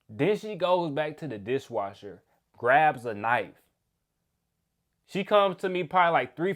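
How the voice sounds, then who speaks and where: A young man, casually telling a work story in an animated, slangy way, often laughing. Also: medium pitch.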